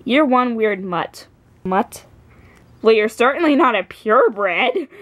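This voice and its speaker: A woman's voice: on the high side, expressive, takes it slowly. A woman voicing a male cat with a casual, dryly teasing manner. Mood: thoughtful. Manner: casual, teasing, rambling in spurts.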